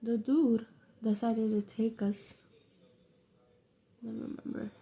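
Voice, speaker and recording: A woman's voice: on the high side, level tone, slow, creaky, warm tone. A young woman telling a rambling, slangy, profane story in a casual vlog. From New York City. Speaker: vlogger.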